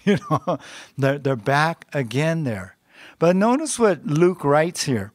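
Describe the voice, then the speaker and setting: A man's voice: on the high side, moderate pace, no echo. Conversational male pastor, dry sound. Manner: conversational, with frequent "you know" and small laughs. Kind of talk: sermon.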